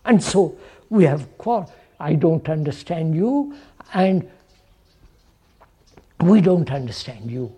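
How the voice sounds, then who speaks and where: A man's voice: fairly high pitch, lively intonation, takes it slowly, pauses often, warm tone, slightly rough. A man giving a reflective public talk to an audience, posing questions and repeating phrases, often checking with "right?". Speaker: speaker addressing an audience.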